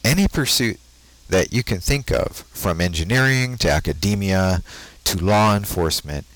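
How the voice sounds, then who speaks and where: A man from the United States hosting an occult talk show, delivering a deliberate, preachy monologue full of rhetorical questions. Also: lowish voice, animated, a bit bright, no echo, poor audio. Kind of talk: solo monologue commentary.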